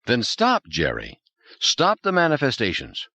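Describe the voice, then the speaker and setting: A man voicing a calm, persistent male psychologist who speaks earnestly and insistently. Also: mid-range voice, measured pace, gravelly, no echo, pitched above the performer's own voice, heavily acted.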